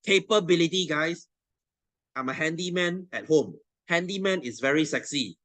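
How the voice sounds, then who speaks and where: A man's voice: fairly high pitch, animated, normal speed, fairly bright tone, dry recording. A young adult man with a Malaysian English accent, teaching a science class in a blunt, swearing, teasing rant to his students. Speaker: science tutor.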